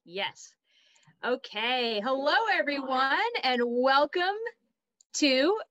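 A woman hosts a live stream and runs through updates in a chatty, enthusiastic way. Her voice is bright and slightly high. The sound is dry and close, with no room echo. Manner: chatty, enthusiastic, laughs at names. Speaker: host and race director.

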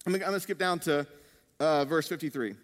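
A man's voice: on the high side, fast. A male pastor preaching a sermon in a humorous, conversational way, with playful asides. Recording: long reverb of a large hall.

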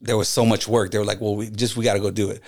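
A man's voice: fairly low pitch, racing. A middle-aged man, a guest on a podcast, telling a personal story in casual conversation and acting out the voices of the people in it. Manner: animated storyteller who acts out quoted voices. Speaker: podcast guest, graffiti artist.

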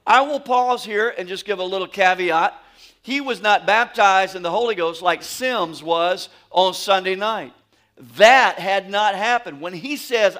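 A man from Louisiana with a Southern accent, teaching a sermon in an animated, folksy way. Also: sits high, normal speed. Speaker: pastor.

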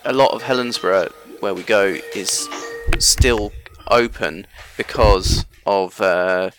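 A man's voice: on the low side, slow, music in the background. A man from Scotland chatting casually, rambling and correcting himself as he goes. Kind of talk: casual chat.

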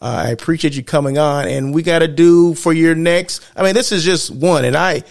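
A man's voice: a little high, normal speed, gravelly. A man hosting a casual podcast interview, chatty and affirming with frequent yeahs. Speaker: podcast host.

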